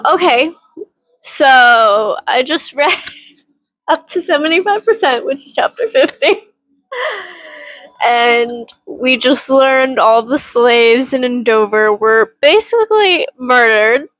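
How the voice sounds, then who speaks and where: A fairly high-voiced woman recording a casual book vlog, talking in a loose, rambling way and laughing often between thoughts. Her voice sits close and dry, with almost no room sound around it. She swears freely. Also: expressive, takes it slowly, a bit bright, no room sound, rough recording. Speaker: book vlogger. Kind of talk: casual reading vlog update.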